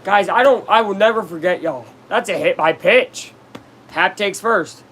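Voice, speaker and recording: A man talks his way through a baseball game on a live stream, chatting with his viewers between pitches. His voice sits fairly high and his delivery is slow and unhurried, breaking into loud reactions to plays. A faint hum of room noise runs underneath. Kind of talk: casual live-stream commentary.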